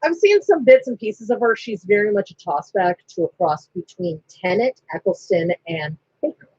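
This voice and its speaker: A woman co-hosting a casual fan chat, an animated storyteller who acts out the lines she quotes. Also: medium pitch, moderate pace, slightly rough, no echo. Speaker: podcast co-host. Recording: dry, slightly muffled lo-fi audio.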